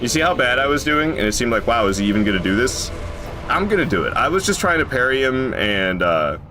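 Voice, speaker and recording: A man streaming a video game, chatting casually with his viewers and joking, who jumps into high yelps when something surprises him. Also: big pitch swings, brisk, over music. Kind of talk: casual live gameplay commentary.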